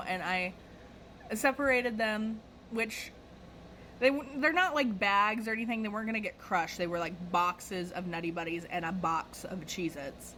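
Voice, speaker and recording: A woman telling a casual storytime monologue about her cashier job, animated and profane. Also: mid-range voice, a little slow, slight background noise, rough recording.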